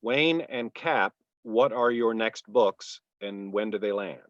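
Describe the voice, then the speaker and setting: A man's voice: lowish voice, slow, no echo. A man who is an actor and audiobook narrator, co-hosting a podcast in a self-deprecating, chuckling way. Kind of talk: casual podcast chat. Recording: dull dry sound.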